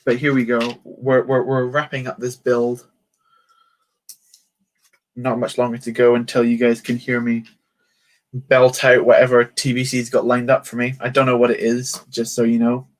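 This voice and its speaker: A man's voice: medium pitch, monotone, normal speed. A man chatting casually on a livestream while building a toy set, joking and poking fun at himself. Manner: chatty, joking, self-mocking.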